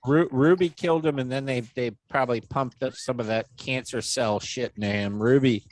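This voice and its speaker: Dude ranting on a podcast, cusses a lot, jumps way up doing other people's voices, dry mic. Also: male voice, moderate pace, no room sound. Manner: animated, swearing, jumps pitch for quoted voices. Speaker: podcast co-host. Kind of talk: casual podcast chat.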